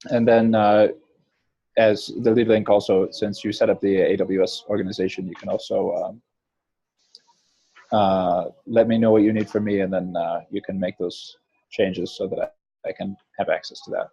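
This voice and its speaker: A low man with a gravelly, husky and mellow voice runs a meeting, hedging and humming between his words. The audio is a little dull, like a low-fidelity call. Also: fairly even intonation, normal speed, no room sound. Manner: hesitant, many fillers and hums. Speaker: meeting facilitator. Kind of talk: casual meeting talk.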